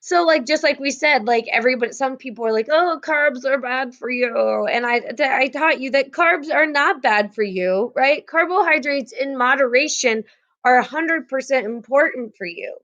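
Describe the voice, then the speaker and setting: A woman's voice: high voice, normal speed, fairly bright tone, muffled recording. A young woman teaching a class over a video call, chatty and casual, full of fillers and restarts.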